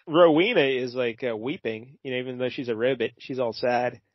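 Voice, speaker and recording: A man chats through a comic story in a rambling, unhurried way, tossing in fillers as he goes. His voice sits in a middle pitch. The sound is dry and a little muffled. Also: no echo. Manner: rambling, hesitant, with brief character voices. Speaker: podcast co-host. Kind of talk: casual comic book discussion.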